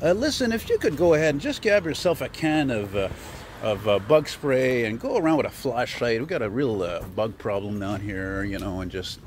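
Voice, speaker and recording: Man putting on a smug boss with a slow passive-aggressive drawl, mid-pitched. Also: lively intonation, a little hiss or hum, close to an everyday voice. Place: outdoor city street.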